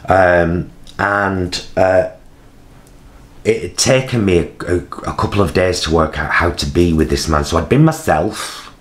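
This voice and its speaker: A man, telling a personal story in a vlog, halting with many fillers and acting out other people's voices. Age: 50s. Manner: acts out voices of people in his story with big jumps in pitch. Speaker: vlogger.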